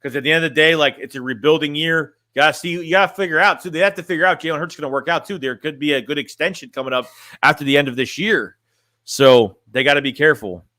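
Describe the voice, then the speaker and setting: Man, fan streamer, slightly high and bright, blunt and rambly, dry close sound. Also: fast, dry recording. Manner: blunt, rambling, repeats and restarts phrases. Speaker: sports fan streamer reading chat. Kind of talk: casual livestream chat.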